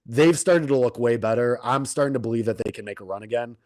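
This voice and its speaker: Fast-chatting man on a dry mic. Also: mid-range voice, a little mellow, dry recording. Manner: talks fast with frequent restarts and fillers. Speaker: sports betting co-host. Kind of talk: casual podcast chat.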